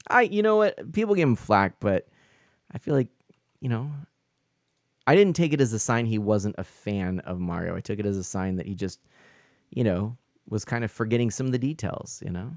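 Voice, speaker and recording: A man's voice: on the low side, lively intonation, normal speed, no room sound, studio quality. A man chatting casually on a live stream while he plays, answering his chat as he rambles with lots of fillers and restarts.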